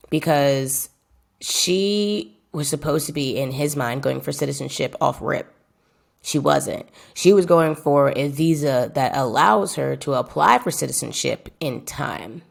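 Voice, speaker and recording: A woman's voice: low voice, creaky. A young woman footballer telling her story in a casual vlog, talking straight to viewers and hammering points home with repeated phrases. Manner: emphatic, repeats phrases for effect; addresses viewers directly and chattily. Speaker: footballer vlogging about her career.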